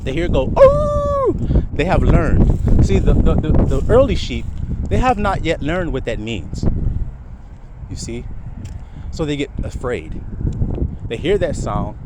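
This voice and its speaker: A man preaches outdoors, his voice rising and falling in a lively way as he keeps asking his listeners questions. Traffic noise from the street runs clearly under the recording. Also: on the high side, a little slow, pauses often. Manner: preachy, full of rhetorical questions. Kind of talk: street-side sermon.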